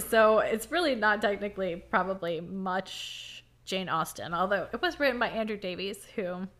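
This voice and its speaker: A woman's voice: medium pitch, moderate pace, a bit bright. Woman cohosting a podcast, chatty, laughs a lot, trails off mid thought. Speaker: podcast co-host. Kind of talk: casual chat.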